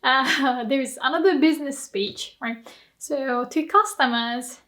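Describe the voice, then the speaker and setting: A woman's voice: high-pitched, slow, pushed and bright. A woman teaching a casual language lesson, chatty, explaining with examples and laughing often. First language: Japanese.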